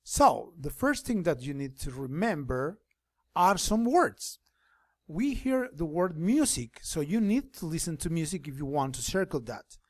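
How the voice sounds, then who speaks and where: A man teaching an online class, explaining things slowly and switching between English and Spanish. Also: a little high, very animated, dry recording, clean studio sound.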